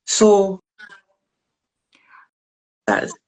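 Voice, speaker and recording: A woman's voice: extremely slow, darkish tone, poor audio. A Scottish woman being interviewed over a video call, telling a story in a rambling way with many fillers and restarts. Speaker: guest, deck creator.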